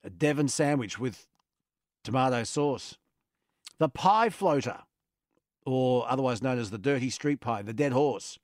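A man's voice: mid-range voice, expressive, measured pace, long pauses, a little mellow, dry recording, studio quality. A man with an Australian accent hosting a radio show, chatting casually and playfully. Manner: playful, enthusiastic, musing aloud. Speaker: radio host. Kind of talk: casual on-air chat.

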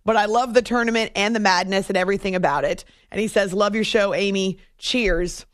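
A woman's voice: mid-range voice, brisk, no echo. A woman from New Hampshire hosting a sports radio show, chatting casually, laughing often and reading out listener messages. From New Hampshire, USA. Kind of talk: casual late-night radio chat. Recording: dry studio mic.

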